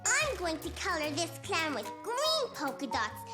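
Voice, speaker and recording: A woman's voice: extremely high pitch, huge pitch swings, a little slow, full character voice. Caillou, a bubbly little boy. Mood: eager. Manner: eager, questioning, childlike. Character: cheerful four-year-old boy. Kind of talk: cartoon voice acting. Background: children's music.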